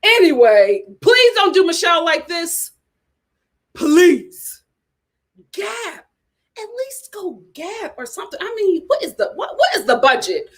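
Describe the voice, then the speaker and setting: A woman ranting as a reality TV commentator, talking in an animated, exasperated way. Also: very high voice, measured pace. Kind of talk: casual chat.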